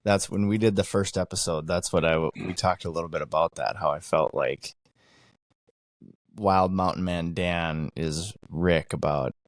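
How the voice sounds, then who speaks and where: A man's voice: low voice, moderate pace, no room sound. A man co-hosting a podcast in casual chat, chiming in with brief encouraging remarks. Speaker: podcast co-host.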